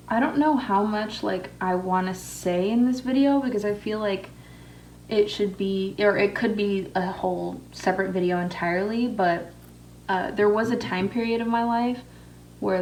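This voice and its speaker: A woman's voice: medium pitch, distant mic, slight background noise. A young woman vlogger telling a story casually, with lots of swearing and fillers while she does her makeup. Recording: echoey room, voice away from mic.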